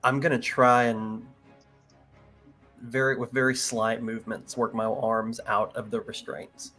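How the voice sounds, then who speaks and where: Man, player, hesitant, thinking aloud, average pitch, faint music. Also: flat delivery, unhurried, sharp tone. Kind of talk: casual tabletop role-play.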